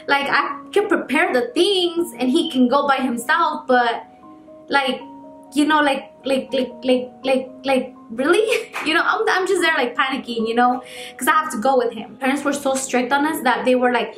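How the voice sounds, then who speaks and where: A woman's voice: high-pitched, moderate pace, a bit bright, soft background music. A woman in her twenties telling a personal story to her vlog audience in a chatty, casual way, full of fillers. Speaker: vlogger. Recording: echoey room.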